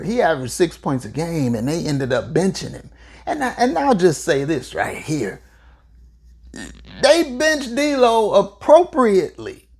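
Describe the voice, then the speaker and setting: Husky-voiced woman, animated sports talk. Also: fairly low pitch. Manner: emphatic, animated, playful asides. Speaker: podcast host. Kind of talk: solo sports talk commentary.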